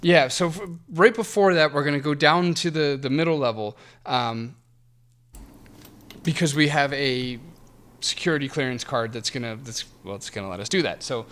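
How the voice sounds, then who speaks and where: A man's voice: mid-range voice, normal speed, a bit bright. A man co-hosting a retro game podcast, chatting casually with frequent laughs and restarts. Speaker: podcast co-host. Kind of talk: casual chat reviewing a game.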